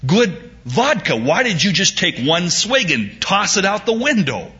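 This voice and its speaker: A horrified businessman cries out in a pitch pushed well above the speaker's normal voice, as a preacher acts him out. The tone is husky and bright. The recording is dull and lo-fi. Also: big pitch swings, measured pace, heavily acted. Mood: aghast. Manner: aghast, rising to exclamation. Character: horrified male traveling businessman.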